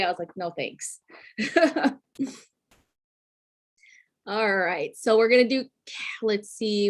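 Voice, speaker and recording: A woman giving a casual weekly zodiac reading, chatty and profane, full of filler words and frequent laughter. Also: mid-range voice. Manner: laughs often while talking. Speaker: astrology reader.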